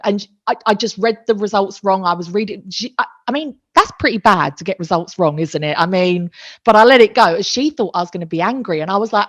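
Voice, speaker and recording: A woman, a podcast guest, telling a personal story in an emotional, animated way and swearing freely. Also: mid-range voice, quick pace. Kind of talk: casual storytelling interview. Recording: dull lo-fi recording.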